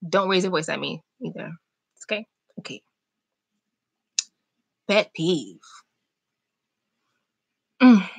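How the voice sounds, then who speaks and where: A young woman chatting casually on a live stream, reading and answering viewer comments in an animated, talkative way. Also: lowish voice, takes it slowly, vocal fry, long pauses, slightly rough. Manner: chatty, animated, talks back to chat comments. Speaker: vlogger hosting a live chat.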